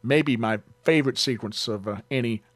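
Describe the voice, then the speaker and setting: A man's voice: mid-range voice, normal speed, fairly bright tone, dry recording. A man hosting an online radio show, giving a casual, joking review full of "uh" fillers and side tangents. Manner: rambling and joking, with many "uh" fillers. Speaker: online radio host reviewing home video releases.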